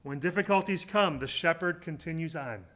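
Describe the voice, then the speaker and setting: A man preaching a sermon in an earnest, conversational way, swinging between loud emphatic lines and quiet, low asides. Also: moderate pace. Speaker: pastor.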